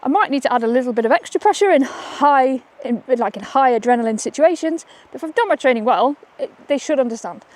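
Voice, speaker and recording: Upbeat female dog trainer, slightly high voice, filmed outdoors on a walk. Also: expressive, quick pace, hardly any pauses, darkish tone. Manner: chatty, upbeat, keeps asking "okay?". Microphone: camera she holds while walking.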